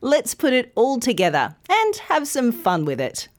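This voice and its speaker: A woman teaching English pronunciation, speaking slowly and deliberately with careful, clear enunciation. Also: a little high, wildly swooping pitch. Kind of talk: scripted pronunciation lesson.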